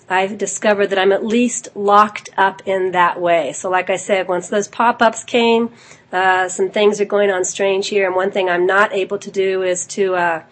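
A woman with a cold and a low, husky voice, hosting an online spiritual gathering in a casual, chatty way with many fillers. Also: a bit bright. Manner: chatty, informal, with frequent fillers and small laughs. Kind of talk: casual address to an online group.

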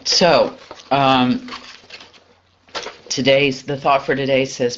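A man speaks in an unhurried, reflective way about spiritual matters, often pausing and searching for his words, with a soft laugh here and there. His voice sits at an ordinary middle pitch. The recording sounds somewhat dull and lo-fi. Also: little pitch movement, slight background noise. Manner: halting, searching, with soft laughs and frequent pauses.

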